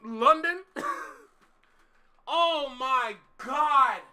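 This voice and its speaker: An excitable man hosts a music reaction, his voice pitched very high with a sharp, bright edge. He lingers on his words rather than rushing, and his casual commentary keeps spilling into shouts and laughs.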